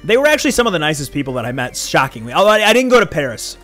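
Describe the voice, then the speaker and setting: A young man chatting casually on a game livestream, animated and rambling, with laughing asides to his chat. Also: on the high side, rapid-fire, soft background music. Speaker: streamer.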